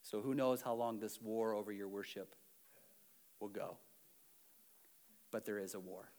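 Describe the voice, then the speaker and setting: This pastor's voice sits on the low side, and he talks a little slowly. His lively sermon shifts from forceful exhortation to quiet sincerity, and he pokes fun at himself.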